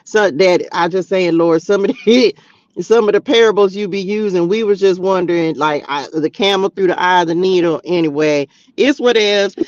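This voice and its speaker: A man hosting a spiritual livestream, preaching casually and talking straight to his viewers in animated slang while reading tarot cards. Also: high voice, moderate pace, no echo, lo-fi sound. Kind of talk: casual preaching to a live chat. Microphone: streaming mic.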